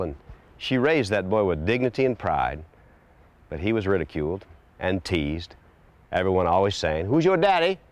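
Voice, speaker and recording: A man telling an inspirational story in scripted narration, gentle and reflective. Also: lowish voice.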